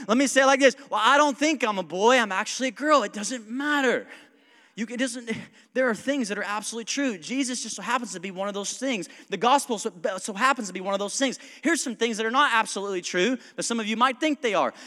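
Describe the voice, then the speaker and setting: A male pastor preaching a sermon in a church, conversational and joking, with quick asides, frequent chuckles and a self-described smart-aleck streak. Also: very high voice, sharp tone. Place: church sanctuary. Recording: long reverb of a church hall.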